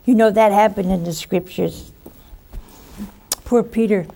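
A woman preacher giving a sermon, swinging between loud exclamations and hushed asides and laughing often. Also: mid-range voice, a little slow, vocal fry.

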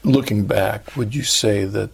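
A man hosting an interview and asking measured, searching questions. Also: lowish voice, vocal fry, a little hiss or hum. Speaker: interview host.

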